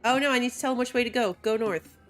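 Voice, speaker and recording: Her voice sits fairly high and fairly bright, and she speaks fast with soft music behind her. This streamer chats through a city-building game, reading viewer messages aloud and laughing frequently.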